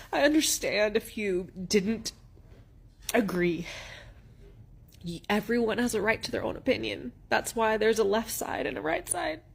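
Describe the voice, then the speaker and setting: A woman's voice: sits high, vocal fry, breathy edge. A woman speaking indignantly and earnestly in an opinion video.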